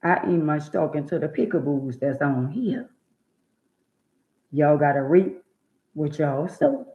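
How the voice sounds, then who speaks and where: A woman's voice: low voice, animated, takes it slowly. Woman, profane preachy rant, scolds viewers, echoey room, dull lo-fi sound. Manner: blunt, profane, scolding, lecturing her viewers; repeats words for emphasis. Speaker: live-stream host. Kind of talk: preachy live-stream rant.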